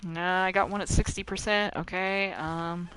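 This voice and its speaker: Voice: medium pitch, steady tone, moderate pace, fairly bright tone, clean tone, poor audio. A game streamer commentating live with playful drama and talking to the characters on screen.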